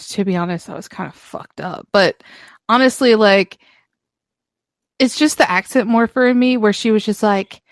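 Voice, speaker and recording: A woman's voice: medium pitch, a little slow, no room sound. A young woman co-hosts a podcast in loose, casual chat, taking her time over each phrase. She laughs a lot and swears without a second thought. Her voice sounds close and dry, with no room around it. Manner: laughs often, swears freely. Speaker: podcast co-host.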